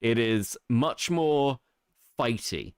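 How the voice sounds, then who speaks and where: A male co-host chatting on a commentary podcast, his pitch sitting mid-range but swinging widely as he mocks and swears. The sound is close and dry, with no room around it. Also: very slow, clean tone, no room sound. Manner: animated, mocking, swears freely. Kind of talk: casual commentary chat.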